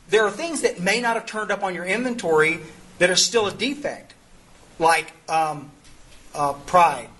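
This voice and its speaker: A middle-aged man leading a twelve-step study tells a recovery group a rambling, funny story, folksy in style and full of self-interruptions and restarts. His voice is high with a fairly bright tone.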